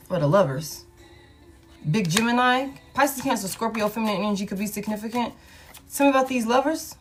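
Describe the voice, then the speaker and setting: A woman's voice: a little high, animated, fairly quick, faint music behind. A woman doing a casual tarot reading. She talks bluntly, swears freely and repeats her lines. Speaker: tarot reader.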